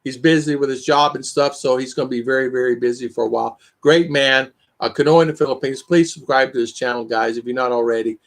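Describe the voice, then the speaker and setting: A man's voice: mid-range voice, steady tone, fast talker, few pauses. An older man, hosting a casual livestream chat and thanking viewers by name. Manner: chatty, rambling, lots of thank-yous and fillers. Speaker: livestream host.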